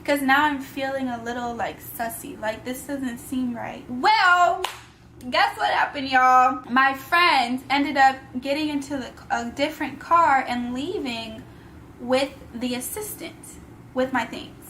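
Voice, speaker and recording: A woman's voice: sits high, a little slow, sharp tone, slight background noise. A young woman vlogger telling a personal story casually, using slang and talking straight to her viewers.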